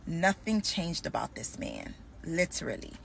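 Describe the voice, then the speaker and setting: A young adult woman telling a storytime about her dating life, animated and acting out both sides of the conversation. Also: sits low, a little slow, vocal fry, a little hiss or hum. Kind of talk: storytime vlog.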